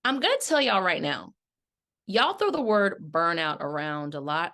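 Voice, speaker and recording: A woman's voice: lowish voice, big pitch swings, moderate pace, creaky, sharp tone. A middle-aged woman, a life coach hosting her podcast, telling a story and coaching her listeners in a casual, conversational way. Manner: conversational, addresses listeners directly as y'all. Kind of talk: casual chat.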